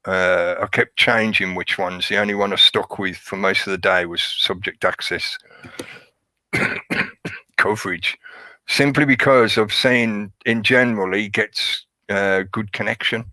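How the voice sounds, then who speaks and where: Chatty sarcastic man, bright voice. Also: lowish voice, unhurried, dry recording. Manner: chatty, sarcastic, laughs often. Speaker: live stream host. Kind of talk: casual rambling commentary.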